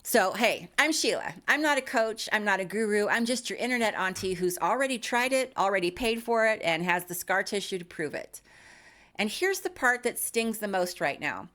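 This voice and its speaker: A woman's voice: mid-range voice, animated, moderate pace, sharp tone. Wry woman in her fifties, self-mocking. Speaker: YouTube creator. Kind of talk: scripted comedic monologue.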